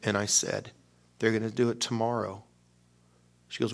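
A man preaching a storytelling sermon, animated and self-mocking, acting out dialogue with big swings and dropping to hushed near-whispers in prayer. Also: fairly low pitch, moderate pace, gravelly.

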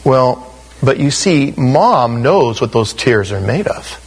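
A man's voice: medium pitch, sing-song, takes it slowly, breathy edge, poor audio. A middle-aged man preaching a sermon in a conversational way, acting out the quotes he tells. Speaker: pastor.

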